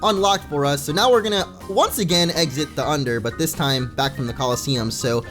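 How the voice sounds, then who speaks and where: A young man plays a video game and talks through it in a loose, rambling way, reading game text aloud. He speaks a little fast, with a fairly high pitch and a fairly bright tone, over faint game music.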